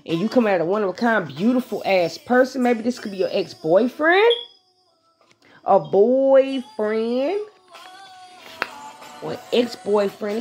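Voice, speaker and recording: A woman venting to her viewers in a casual, blunt, profane way, then drifting into a tarot reading. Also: mid-range voice. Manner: animated, blunt and profane, talks straight to her audience. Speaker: vlogger doing a live tarot reading.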